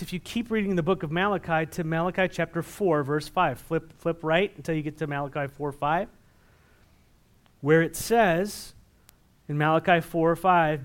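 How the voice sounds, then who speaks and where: A man preaching a sermon as a pastor, asking the congregation questions and growing loud and emphatic when reading scripture. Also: fairly high pitch.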